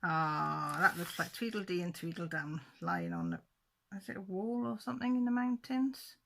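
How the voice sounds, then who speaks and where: A woman's voice: on the low side, big pitch swings, moderate pace, vocal fry, a bit bright. A woman hosting a channel, chatting casually and chuckling to viewers as she flips through a book. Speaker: channel host.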